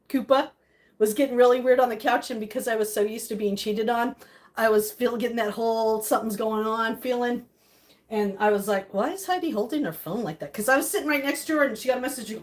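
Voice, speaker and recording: A middle-aged woman live streaming in casual chat, reading and reacting to viewer comments, emotional and quick to laugh. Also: fairly high pitch.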